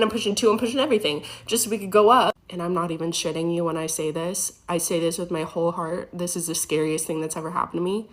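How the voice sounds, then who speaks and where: A woman's voice: lowish voice, fairly even intonation, fast, hardly any pauses. Rambling woman telling a scary storytime. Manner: rambling, many "like" fillers, nervous laughs. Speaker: former EMT telling a story. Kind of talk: storytime monologue.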